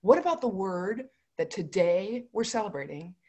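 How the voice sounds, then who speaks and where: A woman's voice: mid-range voice, expressive, normal speed, warm tone. A woman leading a children's library storytime, playful and bouncy, chanting rhymes with kids.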